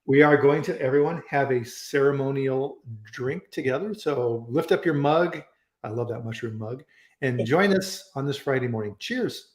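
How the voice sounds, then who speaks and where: A man's voice: medium pitch, normal speed, a little mellow. Chatty male live-stream host, echoey room. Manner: chatty, rambling, frequent restarts and fillers. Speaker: host of a live online food safety chat. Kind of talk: casual live-stream chat. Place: home in Colorado. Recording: roomy echo.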